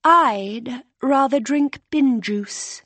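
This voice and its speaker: A woman voicing a startled, exasperated young female student with sharp, high-pitched exclamations. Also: extremely slow, no room sound, full character voice. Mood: dismissive.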